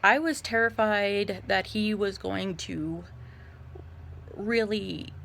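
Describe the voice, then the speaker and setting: A young woman talks to her vlog audience while lounging in bed, recounting a personal experience. Her voice has a gravelly vocal fry at mid pitch, and she speaks haltingly, pausing often and filling gaps with "um.". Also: a bit bright. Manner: halting, with frequent fillers and pauses. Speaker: vlogger. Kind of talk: casual personal storytelling.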